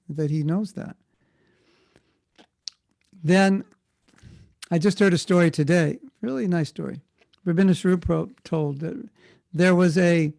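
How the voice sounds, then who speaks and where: A man's voice: fairly high pitch, gravelly, a little mellow, no room sound. A man speaking as a guest at a temple, answering a question with informal storytelling and frequent self-corrections. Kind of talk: conversational spiritual talk answering a question.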